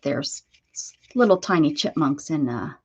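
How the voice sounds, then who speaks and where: A woman's voice: deep voice, lively intonation, a little slow, a little mellow, slightly rough. A woman hosting a casual crafting livestream from home, chatty and laughing, who coos baby talk to her dog between crafting tips. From Pennsylvania, USA. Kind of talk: casual live-stream chat while crafting.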